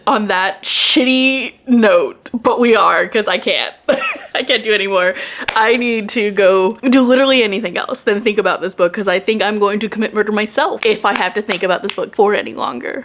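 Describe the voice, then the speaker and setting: A young adult woman chatting casually in a book vlog, talkative and quick to rant and swear when worked up. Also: fairly high pitch, a bit bright. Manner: chatty, swears freely, gets worked up and ranting. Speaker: book vlogger.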